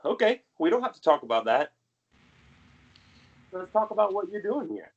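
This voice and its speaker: Mann spielt einen misstrauischen Stadtwächter. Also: male voice, sits high, big pitch swings, moderate pace, dull audio, heavily acted. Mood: probing. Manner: probing, coaxing, formal "sir". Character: suspicious male city guard interrogating a suspect.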